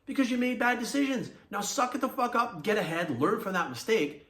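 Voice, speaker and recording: A man's voice: high-pitched, a little fast, fairly bright tone, roomy sound. A middle-aged man and fitness coach, ranting to camera in a blunt, angry, profane lecture.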